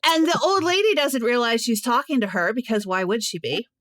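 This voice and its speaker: Higher-pitched woman, lively storyteller. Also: brisk, slight background noise. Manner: animated storyteller, laughs often. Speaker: podcast co-host. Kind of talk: casual chat. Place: Nashville.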